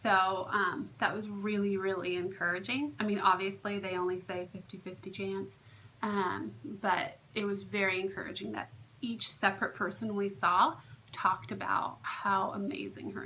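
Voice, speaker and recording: A woman's voice: medium pitch, pushed and bright, low-quality recording. A young woman chatting casually to camera, telling a story with many fillers and acting out what others said. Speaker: vlogger, surrogate. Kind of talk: casual vlog recap.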